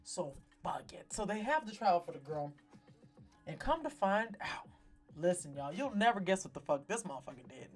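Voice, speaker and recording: A woman's voice: lowish voice, very animated, moderate pace. Woman host, casual TV recap, salty slang, theatrical storytelling, faint music underneath. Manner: profane, slangy, dramatic storytelling. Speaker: talk show host.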